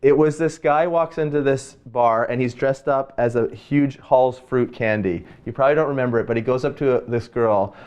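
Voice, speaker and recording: Casting: male church host, casual storyteller, relaxed and friendly banter. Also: mid-range voice, normal speed, few pauses, clean tone. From Canada. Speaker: host, pastor. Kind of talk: casual faith discussion.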